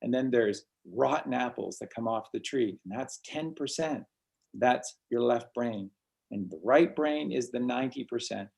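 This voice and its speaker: A man's voice: medium pitch, unhurried, vocal fry, darkish tone. A man hosting a casual spiritual talk, rambling and often repeating words as he restarts sentences. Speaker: host.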